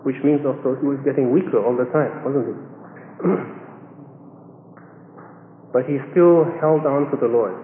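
A man preaching a sermon, telling a story with lively acted-out quotes and chuckles. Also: medium pitch, unhurried, pauses often, a little hiss or hum. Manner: animated storyteller, acts out quoted voices with chuckles. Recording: echoey hall, phone-like band.

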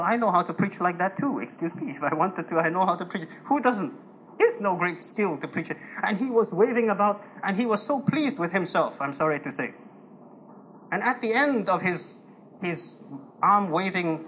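A man preaching a conversational sermon to a congregation, telling personal stories gently and with humor, chuckling now and then. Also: on the high side. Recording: dull lo-fi recording with faint noise.

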